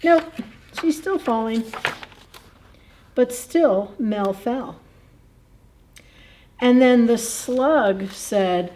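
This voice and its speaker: A woman's voice: fairly high pitch, expressive, extremely slow, long pauses, mellow. A woman librarian reading a picture book aloud at a children's story time, in a playful, chatty way, chuckling and asking the kids questions.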